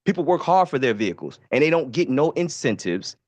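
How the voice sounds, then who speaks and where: A man from Baltimore, a podcast co-host, telling stories in a profane, animated casual way. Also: mid-range voice, a little fast, no echo. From Baltimore, USA. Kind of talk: casual storytelling.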